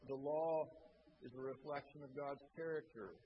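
A man's voice: medium pitch, fairly even intonation, normal speed. Emphatic preaching man, lo-fi. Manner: emphatic preaching, rising loud on key points. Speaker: pastor. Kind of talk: sermon. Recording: dull lo-fi sound with clear background noise.

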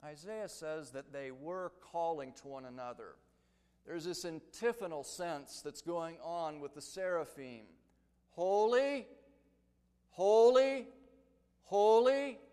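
High-voiced man preaching in a hall. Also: animated, unhurried, smooth. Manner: builds to loud emphatic crescendos. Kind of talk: expository sermon. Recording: long reverb of a large hall.

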